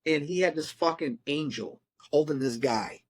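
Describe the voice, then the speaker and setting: A man who works as a tattoo artist, telling animated, profane stories in a casual conversation over a remote call. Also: fairly high pitch, moderate pace, no room sound. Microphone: remote call mic.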